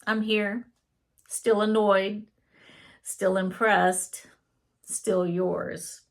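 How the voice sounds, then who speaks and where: A woman's voice: medium pitch, flat delivery, extremely slow. A woman reading out the lines of a sarcastic, wry male AI chatbot in a theatrical way. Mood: teasing.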